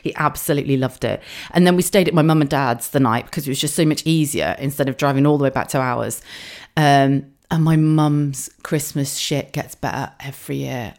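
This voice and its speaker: A podcast host in her thirties tells everyday stories in a low, easygoing voice. She talks casually and swears a lot. She often breaks into laughter as she goes. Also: brisk. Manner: chatty, sweary storytelling with frequent laughs. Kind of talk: casual monologue.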